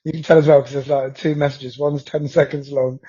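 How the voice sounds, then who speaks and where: Mellow, husky man chatting. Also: fairly high pitch, little pitch movement, a little fast. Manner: laid-back, laughing, says mate and bruv. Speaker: podcast co-host. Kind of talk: casual chat. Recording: dull lo-fi sound.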